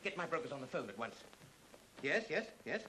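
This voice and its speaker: An actor playing a brisk, distracted businessman juggling phone calls in a 1930s film. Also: on the high side, very animated, bright, forceful tone, poor audio. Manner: brisk, distracted, clipped replies. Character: flustered businessman on the phone, middle-aged. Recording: faintly hissy 1930s film soundtrack.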